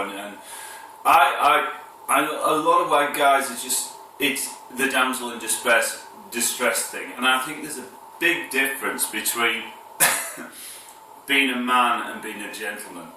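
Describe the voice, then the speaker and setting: A man's voice: medium pitch, pushed and bright, very echoey, distant mic, a little hiss or hum, low-quality recording. Fields: man, northern English accent, rambling vlog. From north of England. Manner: rambling, hesitant, many fillers and restarts; chuckles between phrases. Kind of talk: casual vlog to camera.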